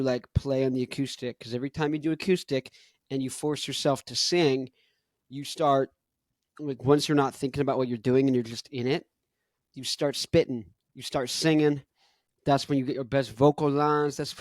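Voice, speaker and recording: A young man hosts a casual podcast chat, rambling in laid-back slang and chuckling between thoughts. His voice is medium in pitch with a darkish tone, captured in a dry, studio-quality recording.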